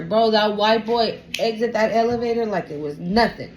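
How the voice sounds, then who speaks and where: A woman's voice: mid-range voice, moderate pace, darkish tone, poor audio. A woman reading tarot for a collective, casually retelling a story with lots of swearing and a habit of asking "right?". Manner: chatty, profane, keeps asking "right?". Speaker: tarot reader addressing a collective.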